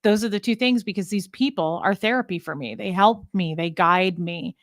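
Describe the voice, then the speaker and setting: A woman's voice: mid-range voice, moderate pace, dry recording. Woman, podcast host, blunt, emotional, casual swearing, dry close sound. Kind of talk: candid conversational chat.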